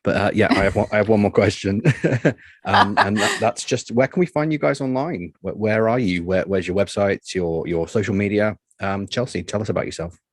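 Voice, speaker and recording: An English man co-hosting a podcast in casual chat, laid-back and quick to laugh. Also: lowish voice, no echo, studio quality. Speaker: podcast co-host.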